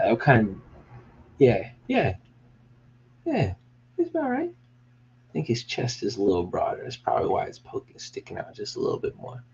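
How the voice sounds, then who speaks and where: A man's voice: medium pitch, dull audio, a little hiss or hum. A man rambling casually on a behind-the-scenes vlog about his business merch, hyped and swearing now and then. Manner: rambling, hyped, swearing, bursts into excited yelling. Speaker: small business owner showing merch.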